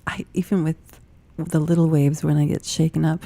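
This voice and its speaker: A woman speaks in a low-pitched, mellow voice, recorded close and dry. She tells stories with animated energy and laughs often. She sounds like a podcast co-host in a relaxed conversation. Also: moderate pace, vocal fry, dry recording. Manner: animated storytelling, frequent laughter. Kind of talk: casual chat.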